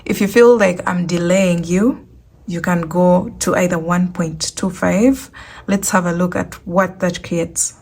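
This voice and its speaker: A woman's voice: fairly low pitch, steady tone, a little slow, creaky, a little mellow. A woman hosting a crochet tutorial, talking casually and walking through each step, often repeating herself. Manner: chatty, repeats instructions.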